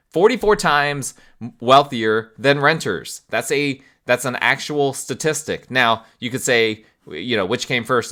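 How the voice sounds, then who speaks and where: Bright-toned male podcast host. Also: mid-range voice. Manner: conversational, asks the audience rhetorical questions. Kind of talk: explanatory monologue.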